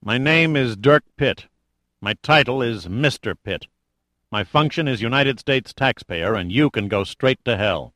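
A man's voice: medium pitch, lively intonation, a little slow, a bit bright, no echo. A male narrator voicing a defiant, sarcastic male adventurer who talks bluntly and casually.

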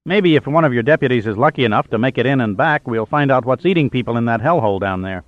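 A man's voice: medium pitch, animated, quick pace, no room sound, highs cut off, natural voice. A man voicing a flippant, wisecracking male diver sidekick who makes idle jokes. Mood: joking. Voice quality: flippant, joking.

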